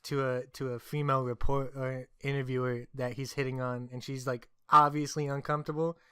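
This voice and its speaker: A man's voice: mid-range voice, level tone, brisk, a bit bright, smooth, no echo. Young man telling stories with a dry close sound. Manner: laughing, teasing, storytelling. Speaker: podcast co-host. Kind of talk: casual profane banter.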